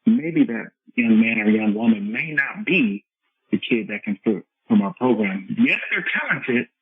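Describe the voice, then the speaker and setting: Coach guest, man, husky voice, phone-quality line, earnest explainer. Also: lowish voice, no room sound. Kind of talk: conversational podcast interview. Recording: tinny phone-line audio.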